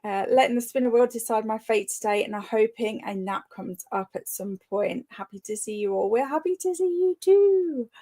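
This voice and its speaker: A woman's voice: on the high side, moderate pace, few pauses, dark tone. A woman hosting a live reading sprint, chatting casually and greeting commenters by name, often laughing. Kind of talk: casual live-stream chat.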